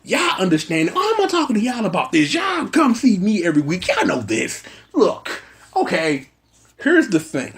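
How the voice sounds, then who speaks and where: A man's voice: sits high, huge pitch swings, moderate pace. A man hosting a casual, brash and slangy episode review, riffing at length. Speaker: show reviewer host.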